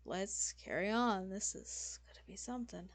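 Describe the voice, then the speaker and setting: A woman doing a quiet, weary lord. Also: mid-range voice, normal speed, close to an everyday voice. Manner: quiet, dry and restrained. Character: weary, composed male noble lord.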